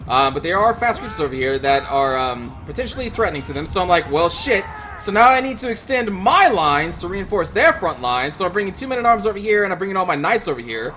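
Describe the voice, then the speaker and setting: High-voiced man ranting over gameplay. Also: sing-song, quick pace, hardly any pauses, pushed and bright, a little hiss or hum. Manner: exasperated ranting, frequent swearing. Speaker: gaming channel host. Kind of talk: gameplay commentary.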